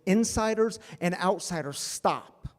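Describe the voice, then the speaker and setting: A man's voice: sits high, lively intonation, slow pace, big-room sound, pitched above the performer's own voice. A man playing an indignant, scolding Jesus. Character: Jesus, indignant man rebuking temple traders.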